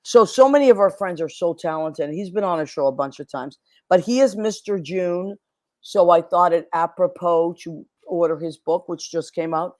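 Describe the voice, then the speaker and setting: A woman's voice: fairly low pitch, darkish tone, no room sound. Chatty effusive woman host, dry sound. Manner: chatty, effusive, fast and rambling. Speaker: show host. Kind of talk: casual chat.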